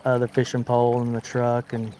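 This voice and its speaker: A man's voice: medium pitch, monotone, a little fast, warm tone, slight background noise. Southern American male fishing host, easygoing and talkative, live outdoors with a faint river wash behind him. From Arkansas, United States. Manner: chatty, reads out viewer comments while fishing. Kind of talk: casual live-stream chat. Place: outdoors wading in a river under a bridge.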